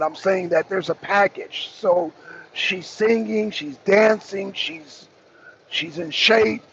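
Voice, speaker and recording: Gravelly high-voiced man on a dull recording. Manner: rambling, emphatic, blunt with casual profanity. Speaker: talk show host. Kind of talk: casual opinion commentary. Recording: dull lo-fi sound with faint noise.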